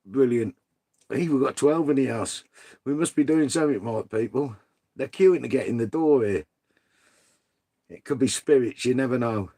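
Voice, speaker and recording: A middle-aged man with a gravelly, creaky voice chats loosely with viewers during a live stream. He talks casually and swears freely, calling everyone mate or son. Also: mid-range voice, normal speed, long pauses, mellow. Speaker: livestream host reading chat.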